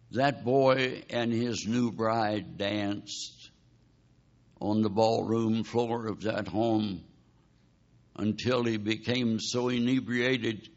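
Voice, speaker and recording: A man preaching a sermon, telling a dramatic story and pleading with his listeners. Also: on the low side. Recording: dull lo-fi recording.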